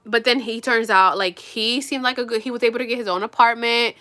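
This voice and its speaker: A woman's voice: fairly high pitch, steady tone, a little fast, sharp tone. A woman vlogger chatting casually to her viewers as she gets ready, telling a rambling, gossipy story full of swearing and talking straight to her audience. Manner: addresses viewers directly. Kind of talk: casual chat while getting ready.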